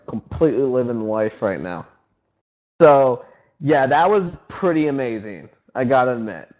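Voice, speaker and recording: Excitable young man rambling on a podcast. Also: mid-range voice, lo-fi sound. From North Carolina, US. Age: 20s. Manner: excited, rambling, many "like" and "freaking" fillers. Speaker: website founder and podcast host. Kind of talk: casual storytelling chat.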